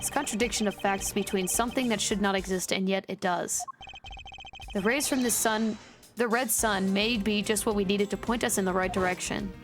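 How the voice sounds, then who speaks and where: A woman voicing a serious, formal male prosecutor in a measured, grave way, dropping below her usual voice. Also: medium pitch, over music, voice pushed down, lightly acted.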